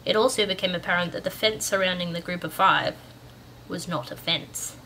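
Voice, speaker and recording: A woman's voice: lowish voice, normal speed, pushed and bright, a little hiss or hum. A young Australian woman chatting casually with her viewers and reading a story aloud. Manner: chatty, upbeat, with fillers. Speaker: storyteller and channel host. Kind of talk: casual chat, then read story narration.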